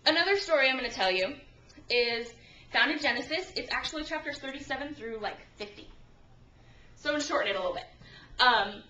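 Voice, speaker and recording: A young woman giving an informal sermon, telling Bible stories in a chatty, animated way and acting out the voices she quotes, recorded on a camcorder. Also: sits high, slight background noise. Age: young adult. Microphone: handheld camcorder at a distance. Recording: echoey room from a far camcorder.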